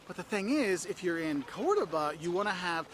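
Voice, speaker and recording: A man giving advice to tourists in a travel vlog, energetic and emphatic. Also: high-pitched, moderate pace, a little hiss or hum. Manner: energetic, emphatic, acts out tourists in quoted voices. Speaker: travel video host.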